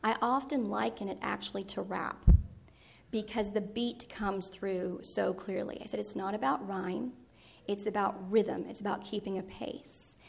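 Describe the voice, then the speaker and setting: Woman teaching with a gravelly edge. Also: medium pitch. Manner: explanatory, with occasional self-corrections. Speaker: Latin teacher presenting. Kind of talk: teaching presentation. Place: presentation room with a screen.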